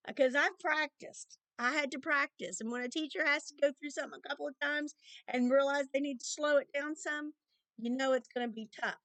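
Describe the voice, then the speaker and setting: A woman's voice: sits high, steady tone, fast talker, fairly bright tone, dry recording. A woman teaching a recorded music lesson to children, patiently explaining rhythms and counting them aloud.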